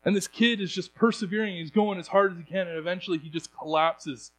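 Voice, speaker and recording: Young man, earnest sermon, fairly high voice, halting restarts. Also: fairly bright tone, a little hiss or hum, rough recording. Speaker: preacher.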